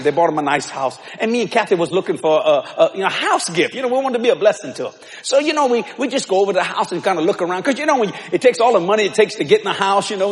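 An older man preaching a sermon to a congregation in folksy storytelling style, building up to shouts. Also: high-pitched. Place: large church hall with congregation. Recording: reverberant church hall with crowd.

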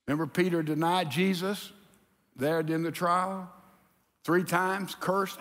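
A pastor preaching a sermon in a lively, animated way, acting out the people in his story. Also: sits high, slow. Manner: animated preaching, acts out quotes. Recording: reverberant hall.

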